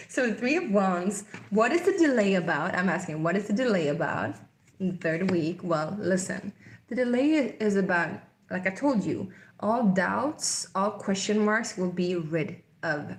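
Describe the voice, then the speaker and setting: A woman giving an excited, chatty tarot reading to her viewers, often breaking into laughter and calling them sweethearts. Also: on the low side, reverberant. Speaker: tarot reader. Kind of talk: casual tarot reading to camera.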